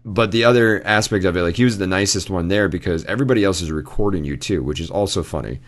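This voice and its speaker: Deep-voiced man telling a rambling story. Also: fast talker. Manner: rambling storyteller, laughing often. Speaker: podcast co-host. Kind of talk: casual chat.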